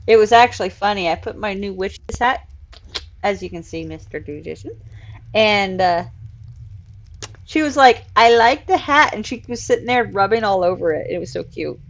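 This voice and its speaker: A woman's voice: mid-range voice, moderate pace, muffled recording. A woman hosting a casual live stream, chatting and laughing while she builds in a virtual world and coos at her cats. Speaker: streamer and show host.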